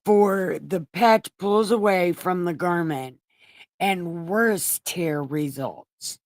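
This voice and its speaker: A woman's voice: on the low side, takes it slowly, a little mellow, no echo. A woman hosting a show, retelling Bible stories in a casual, irreverent way with profane, sarcastic asides. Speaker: host reading scripture.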